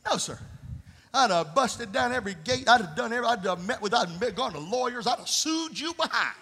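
A man preaching a fervent sermon as pastor, building up to shouts. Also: very high voice, lively intonation, brisk, big-room sound, slight background noise. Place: church sanctuary.

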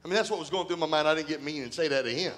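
A man with a notably high-pitched voice preaches to his congregation in a church. He tells stories from his own ministry in an easy, conversational way. Now and then he breaks into shouts and laughter. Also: rapid-fire. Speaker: pastor. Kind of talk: sermon with personal stories. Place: church sanctuary.

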